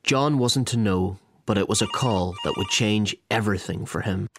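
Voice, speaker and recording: Low-voiced man narrating a documentary. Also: moderate pace, background noise. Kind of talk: scripted narration.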